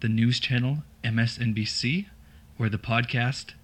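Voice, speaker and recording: A man co-hosting a podcast in casual banter, jokey and deadpan, laughing often. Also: medium pitch, unhurried, breathy edge, poor audio. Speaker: podcast co-host.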